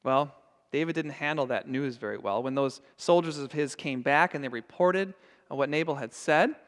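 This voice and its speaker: A man's voice: a little high, moderate pace, a bit bright, in a large hall. A man preaching a sermon as pastor, earnest and emphatic. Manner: earnest and emphatic, acting out scenes. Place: church sanctuary.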